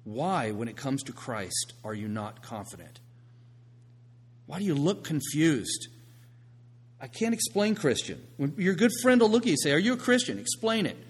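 A man preaching a sermon, swinging from hushed, quiet passages to loud, emphatic ones. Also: mid-range voice, very animated, normal speed, pauses often, husky. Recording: long reverb of a large hall.

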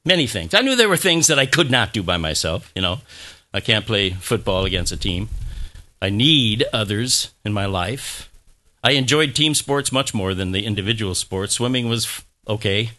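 Male pastor, middle-aged, lively rising and falling voice, conversational sermon, repeats himself. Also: on the low side, normal speed. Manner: conversational, repeats phrases, leads the congregation in call-and-response.

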